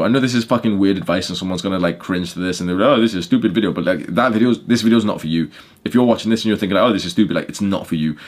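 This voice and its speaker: A young man hosting a podcast, giving blunt motivational talk full of swearing and fillers, often getting loud. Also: deep voice. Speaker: podcast host.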